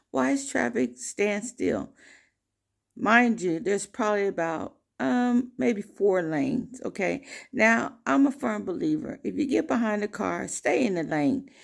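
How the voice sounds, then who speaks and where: A woman vlogger telling a personal story to camera in an emphatic, animated way. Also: medium pitch. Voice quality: gravelly.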